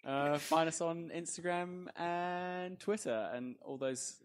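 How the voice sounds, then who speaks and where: A man co-hosting a podcast, talking in an easygoing, measured way. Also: fairly high pitch, clean tone. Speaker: podcast co-host. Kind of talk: casual chat.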